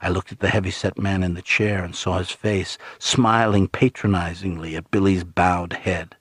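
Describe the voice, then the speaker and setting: A man with a husky voice, narrating an audiobook in a low, grave, hushed tone. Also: fairly even intonation, moderate pace, dry recording, studio quality.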